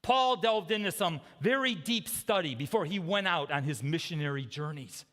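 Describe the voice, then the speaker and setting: A man preaching a sermon in a conversational way, checking in with the congregation with quick "okay?" and "right?" asides. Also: a little high, lively intonation, fairly bright tone, big-room sound. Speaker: pastor. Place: church sanctuary.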